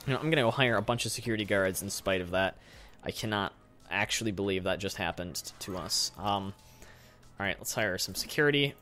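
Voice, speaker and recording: A man's voice: lowish voice, a little fast, bright, forceful tone, a little hiss or hum. A man hosting a let's play, talking through building a theme park with lots of fillers and self-corrections. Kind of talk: game commentary.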